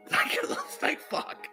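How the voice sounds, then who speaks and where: A man hosting a comedy podcast, ranting and swearing, often breaking into high-pitched giggles mid-sentence. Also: extremely slow, bright, forceful tone, soft background music, poor audio. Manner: swearing, laughing through his words, bursts of high-pitched giggling. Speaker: podcast host. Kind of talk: rambling comedic rant.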